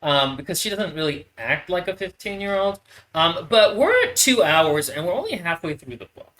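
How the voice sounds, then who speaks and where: Mid-pitched podcast co-host musing on a book. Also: animated, moderate pace, a bit bright. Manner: thoughtful, hedging with "like" and "um". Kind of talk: casual book club chat.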